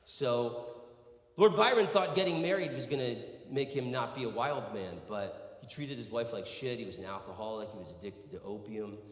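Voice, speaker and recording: An American man doing live stand-up comedy, brash and profane, yelling to rouse the crowd. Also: mid-range voice, normal speed. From United States. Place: stage in a large hall. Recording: roomy live hall reverb.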